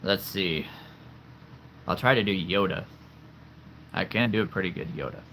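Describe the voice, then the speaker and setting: A man's voice: deep voice, expressive, normal speed, a bit bright, slight background noise. A man in his thirties chatting casually on a livestream from his home, rambling and laughing often at himself. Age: 30s. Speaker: streamer showing his figure collection. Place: home room with toy figures.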